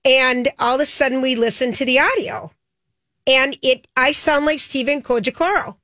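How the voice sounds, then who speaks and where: A woman co-hosting a radio show in casual chat, chatty and animated and quick to laugh. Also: sits high, no room sound. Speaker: radio co-host.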